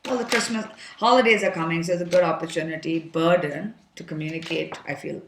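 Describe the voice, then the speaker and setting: A woman with a fairly low voice talks through a tarot reading in a loose, frank, chatty way, thinking aloud as she goes. Her voice carries a noticeable roomy echo. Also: a little fast. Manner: chatty and frank, thinking aloud, with filler words and the odd curse. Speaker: tarot card reader. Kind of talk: casual tarot reading to camera.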